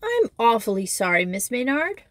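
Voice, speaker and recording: A woman reading aloud voices a mischievous schoolgirl who shouts on purpose and plays innocent. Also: a little high, very animated, normal speed, no echo. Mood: loud, mock-innocent. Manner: loud, innocent-sounding. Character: mischievous schoolgirl Joey feigning loudness.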